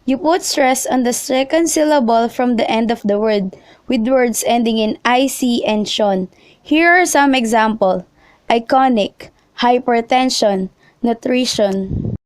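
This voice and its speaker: A young woman reading a lesson script aloud, slowly spelling out letters and example words one by one. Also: a little high, expressive, no room sound. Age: young adult. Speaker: student presenter.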